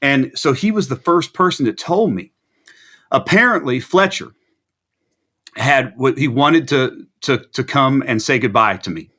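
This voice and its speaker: A man's voice: mid-range voice, unhurried. A man guest on a video interview, telling a long rambling story and acting out the people in it. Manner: rambling anecdotal storyteller, animated quoting. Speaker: musician guest.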